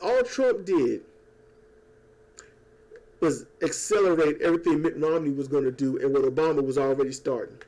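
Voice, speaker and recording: YouTuber, male, slightly high-pitched, rambling sarcastic rant full of profanity and mocking asides. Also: normal speed, pauses often, warm tone. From United States. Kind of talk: casual political rant. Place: at home. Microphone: old desk microphone.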